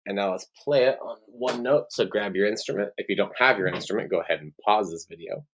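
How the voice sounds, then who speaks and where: Low-voiced man teaching a music lesson. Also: fast, slightly rough. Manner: counting rhythms aloud in steady cues; gives cues like "ready, go".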